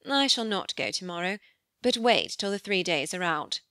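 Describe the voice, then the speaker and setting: Casting: a woman as an idle, sardonic young gent, low and lazy, crisp studio read. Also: animated, moderate pace, sharp tone, dry recording. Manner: languid and sarcastic, slightly lowered. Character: young gentleman, cool, indolent and sarcastic. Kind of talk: audiobook character voice.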